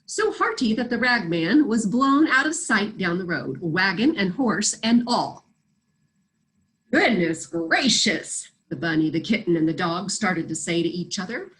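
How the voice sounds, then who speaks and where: A woman reading a children's storybook aloud, in an animated and expressive way. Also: medium pitch, slight background noise, low-quality recording. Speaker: storybook reader.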